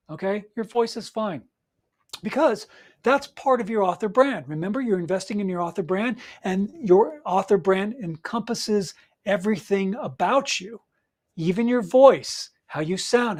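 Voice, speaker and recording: A middle-aged man hosting a solo podcast as an audiobook coach, giving motivational advice and checking in with frequent "right?". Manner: encouraging, repeats points with frequent "right?" and "all right?"; acts out nervous clients in a higher, louder voice.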